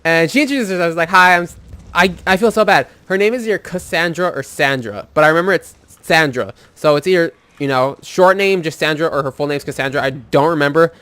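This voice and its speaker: Young male gamer, slightly high voice, loose rambling storyteller, swears freely. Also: quick pace, pushed and bright, clean tone, dry recording. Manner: rambling, swears a lot, heavy use of "like". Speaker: gaming video host. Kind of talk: casual storytelling over gameplay.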